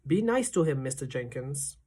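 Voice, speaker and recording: A woman doing a calm old grandmother. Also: low-pitched, slightly rough, full character voice. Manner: calm, measured, unhurried.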